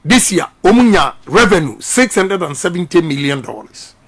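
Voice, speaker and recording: A man's voice: high voice, very animated, moderate pace, a bit bright. A middle-aged Ghanaian man speaking emphatically in a radio interview, repeating his points like a preacher. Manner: repetitive, emphatic, preaching-style delivery. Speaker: politician.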